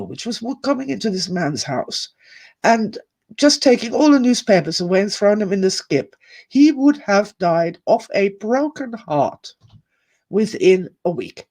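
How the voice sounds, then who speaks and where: A woman telling a personal story at a summit talk, candid and emotional, wandering off on tangents. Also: mid-range voice. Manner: emotional, candid, digressive, with sighs and laughs. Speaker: speaker at an online summit.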